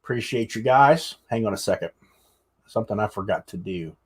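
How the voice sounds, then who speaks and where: A man's voice: fairly low pitch, animated, fairly quick, slightly rough. A young adult man hosting a casual livestream, joking with guests and showing products. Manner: chatty, joking, shows products. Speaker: livestream host.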